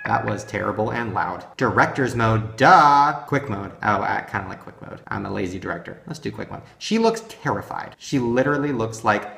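A young man rattles off crude, sarcastic game commentary in a gravelly voice, dropping to deadpan mutters and jumping to shrill outbursts. His voice echoes around the room, and light music plays underneath. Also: brisk, few pauses. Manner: crude, sarcastic, swings to loud shrieks. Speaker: gaming video host.

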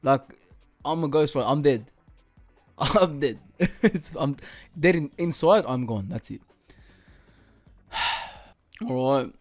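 A young man giving casual gaming commentary, swearing a lot, laughing often and yelling now and then. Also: fairly high pitch, lively intonation, slow, pauses often, soft background music. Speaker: gaming YouTuber.

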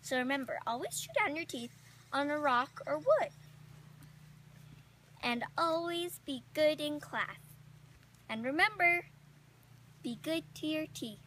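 A woman's voice: high-pitched, expressive, unhurried, pauses often, a bit bright, slight background noise. A woman playing an eager female flying squirrel teacher at a rodent school, sing-song and encouraging, repeating her praise in an amateur comedic role-play. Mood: instructive.

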